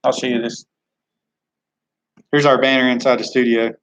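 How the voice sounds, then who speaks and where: A man's voice: mid-range voice, level tone, moderate pace, a bit bright, poor audio. A man hosting a live chat Q&A from a studio, rambling and reading viewer comments aloud. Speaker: live stream host.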